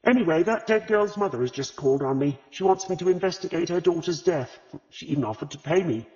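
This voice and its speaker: A man's voice: a little high, lively intonation, fast, darkish tone, voice pushed up, natural voice. A pushy middle-aged woman sleuth who talks bluntly and demands answers, her raised voice swooping widely, as a male audiobook narrator plays her. The sound is dull and lo-fi, with a long reverb tail. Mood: sharp.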